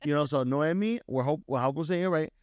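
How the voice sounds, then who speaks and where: Young man, podcast co-host, playful, teasing, slightly high voice, dry sound. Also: brisk, darkish tone, no echo, highs cut off. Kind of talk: casual banter, shout-outs.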